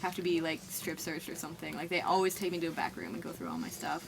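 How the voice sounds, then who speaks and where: A young woman musician with a Canadian accent gives a rambling, casual interview full of "like." Her low-pitched, creaky voice moves at a quick pace with lively intonation, and background noise is present.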